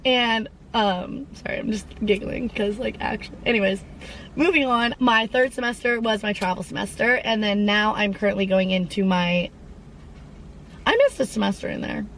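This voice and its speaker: A young woman of around twenty talks in a loose, chatty way, drifting off on tangents and sprinkling in fillers. Her voice sits at an ordinary middle pitch. A faint hum of traffic runs behind her. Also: moderate pace, fairly bright tone, poor audio. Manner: rambling and chatty, full of tangents and "like". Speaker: podcast host. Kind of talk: casual chat.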